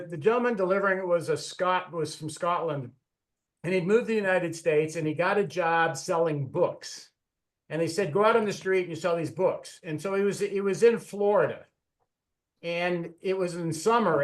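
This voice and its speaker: A man with a fairly high voice leads a speaking-club lesson on how to be funny. He talks over a video call in a loose, chatty way, often restarting and correcting himself as he tells his stories. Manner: chatty storyteller, frequent restarts and self-corrections.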